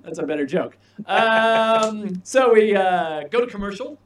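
A man's voice: high-pitched, a little slow, slight background noise. A man co-hosting a podcast, casually recapping a TV episode and acting out the scenes as he goes. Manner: lively retelling, acting out scenes. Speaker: podcast co-host.

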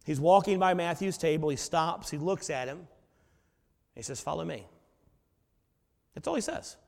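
Casting: male pastor with a high voice, dramatic storyteller, heard in a big echoing sanctuary. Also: moderate pace. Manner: dramatic storytelling, swinging between soft and loud. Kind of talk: sermon. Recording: long reverb of a large hall.

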